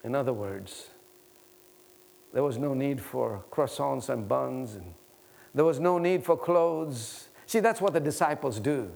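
A man preaching a sermon with passion, swinging from loud, urgent pleading to hushed, low tones, and slowing down to stretch out key words. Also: creaky.

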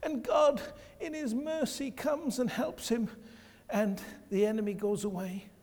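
High, gravelly male preacher in a hall. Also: steady tone, measured pace, darkish tone. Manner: emphatic, repeats key phrases. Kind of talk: sermon. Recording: long hall reverb.

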